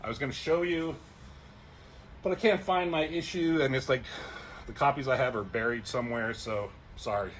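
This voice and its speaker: A man's voice: mid-range voice, moderate pace, a little hiss or hum. A man casually retelling a comic as a reviewer, rambling, with lots of fillers and frequent swearing.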